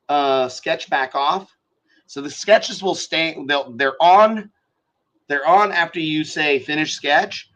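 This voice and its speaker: A man hosting a casual live-stream tutorial, talking through design software as he works, swearing freely and thinking out loud. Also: fairly high pitch, rough recording. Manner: profane, thinks aloud while working. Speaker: show host teaching design software.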